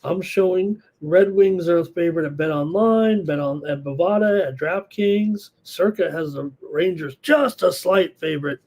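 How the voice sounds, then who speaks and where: Male betting-show host, hoarse, slightly high voice, casual rambling live analysis. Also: normal speed, few pauses, a little mellow. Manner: rambling, thinks aloud with fillers. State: hoarse, losing his voice.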